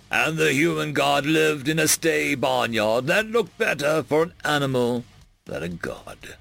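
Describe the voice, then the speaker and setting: A man reading stories aloud as narrator, expressive and dramatic. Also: mid-range voice, creaky. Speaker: story narrator. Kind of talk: scripted story reading.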